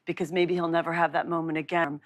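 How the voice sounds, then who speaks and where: A woman's voice: low voice, flat delivery, fast. A woman thinking back carefully, searching for the right words. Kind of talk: reflective interview.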